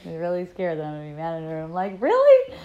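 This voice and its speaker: A woman with a deep voice and a level tone talks at a racing pace, and the recording sounds muffled. She's hosting an online dialogue group and tells a personal story in a casual, rambling way. She's upbeat and effusive, laughing often and restarting her sentences again and again.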